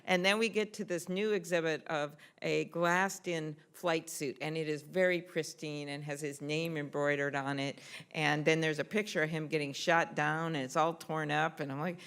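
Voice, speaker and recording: A woman's voice: sits low, steady tone, moderate pace, clear, resonant tone. Middle-aged woman telling anecdotes in a speech. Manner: warm anecdotal storytelling, frequent ums. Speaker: senator giving a tribute speech. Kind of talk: tribute speech at an award event. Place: event hall on Capitol Hill.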